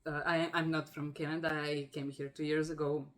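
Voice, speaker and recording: A young woman from Croatia, hosting a casual video-call interview, warm and effusive with many fillers and laughs. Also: low voice, little pitch movement, brisk. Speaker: podcast host.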